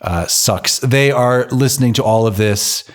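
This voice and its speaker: A man's voice: mid-range voice, unhurried. A man casually recapping an old film on a podcast, joking, swearing and acting out the characters' lines. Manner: loose, profane, acts out characters' lines in quotes. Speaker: podcast co-host.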